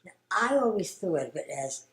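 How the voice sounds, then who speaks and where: An older woman, a grandmother, recalling family memories in an interview, speaking haltingly and often dropping to a hushed whisper. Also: medium pitch, big pitch swings, roomy sound, poor audio. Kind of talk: oral history interview.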